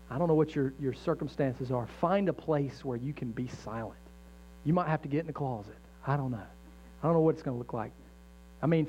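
A man's voice: a little high, dark tone. Conversational male pastor preaching a sermon. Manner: conversational, self-correcting, emphatic preaching. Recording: dull lo-fi sound with faint mains hum.

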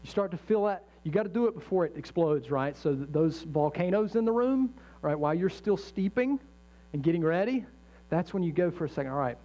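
A man with a fairly high, warm, expressive voice preaches a sermon at a fairly quick pace. He's a conversational pastor who corrects himself as he goes and preaches with emphasis. The recording sounds dull and lo-fi, with a faint mains hum underneath.

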